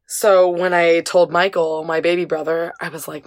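A woman in her twenties from the southwestern United States, telling candid personal stories as an interview guest, animated, with fillers and playful swearing. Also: fairly low pitch, normal speed, few pauses. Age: 20s. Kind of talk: casual storytelling interview.

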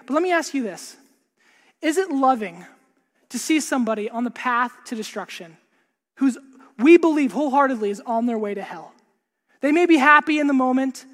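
Earnest preacher man in a reverberant hall. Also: very high-pitched. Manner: earnest, repeats words, drops to a hush for emphasis. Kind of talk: sermon.

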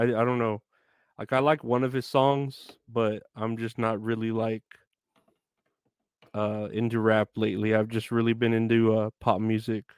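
Smooth-voiced man rambling on a live stream. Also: on the low side, dry recording, clean studio sound. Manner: rambling, joking, breaks into sung snippets.

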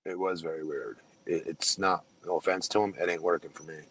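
A man's voice: deep voice, fairly even intonation, brisk, fairly bright tone, slight background noise, rough recording. A middle-aged man co-hosting a casual podcast chat, telling stories about himself with a self-deprecating manner and frequent restarts. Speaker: podcast co-host, former wrestler.

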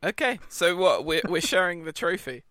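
A man's voice: high-pitched, sing-song, moderate pace, sharp tone, no echo, studio quality. A British man co-hosting a podcast in casual chat, joking and laughing often. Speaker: podcast co-host.

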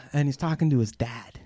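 A man's voice: medium pitch, normal speed, warm tone, breathy edge, no room sound, clean studio sound. A man hosting a podcast, telling a heated story in casual profane talk. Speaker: podcast host.

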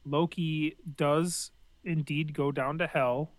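A man in casual chat, relaxed, chiming in with corrections and comic-book trivia. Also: a little high, slow pace, no echo, rough recording.

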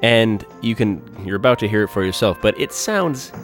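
A man's voice: on the low side, animated, moderate pace. A man hosting a solo music podcast, talking enthusiastically and in superlatives. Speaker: podcast host.

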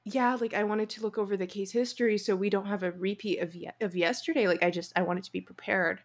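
A woman's voice: medium pitch, fast. A young woman, co-hosting a podcast and telling a story with lots of feeling and frequent laughs. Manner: animated storytelling, laughs often, emotional. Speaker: podcast co-host. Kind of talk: casual chat.

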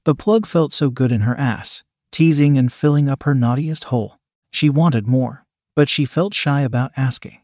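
A man reading a story aloud as narrator, steady. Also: mid-range voice, moderate pace, no room sound, clean studio sound.

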